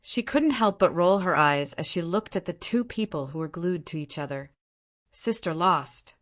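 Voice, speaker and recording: A woman narrating a translated fantasy novel as an audiobook, reading in a steady storytelling manner. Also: lowish voice, normal speed. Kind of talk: scripted narration.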